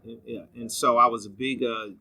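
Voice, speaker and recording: A man's voice: mid-range voice, flat delivery, moderate pace, sharp tone, dry recording. A middle-aged man, a comic artist, telling his story as a podcast guest at a convention. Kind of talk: casual interview. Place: convention floor, recorded live.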